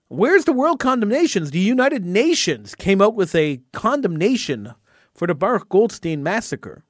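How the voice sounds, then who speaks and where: A man with a high, lively voice holds forth on his talk radio show, indignant and stumbling over repeated words as he builds steam. The sound is dry and close, with no room around it. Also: no echo. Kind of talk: impassioned talk radio monologue.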